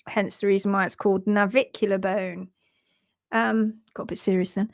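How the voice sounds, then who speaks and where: A woman's voice: medium pitch, normal speed, sharp tone. A woman hoof trimmer hosting a casual live stream, playful and giggly as she reads viewers' comments aloud.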